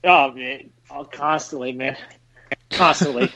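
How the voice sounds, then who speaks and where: A man hosting a podcast, telling stories in casual chat with animated bursts and laughs mid-sentence. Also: medium pitch, a little slow. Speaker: podcast host. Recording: dull lo-fi dry sound.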